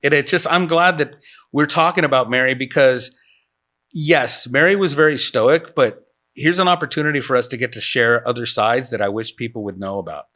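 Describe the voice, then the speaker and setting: A man hosting a casual podcast chat, steering the talk in a relaxed way. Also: medium pitch, moderate pace. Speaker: podcast host.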